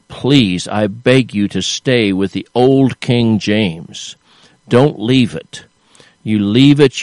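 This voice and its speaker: An older man delivers a Bible sermon at an unhurried pace, pressing each point with earnest emphasis and frequent restarts. His voice sits at an ordinary middle pitch and is captured close and dry, with no room sound around it. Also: darkish tone, dry recording. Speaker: preacher.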